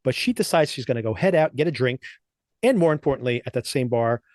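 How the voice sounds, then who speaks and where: A man's voice: medium pitch, lively intonation, quick pace, a little mellow, dry recording, studio quality. Laughing man recapping a TV show. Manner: laughs often, rambling recaps. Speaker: podcast co-host. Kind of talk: casual chat reviewing TV.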